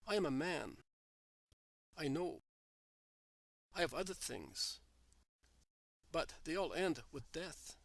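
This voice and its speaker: A man's voice: a little high, animated, slow pace, gravelly, long pauses, a bit bright, dry recording, full character voice. A man voicing an ambitious older merchant who brags of his wealth and plans, in a storybook reading. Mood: resigned. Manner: boastful, then resigned.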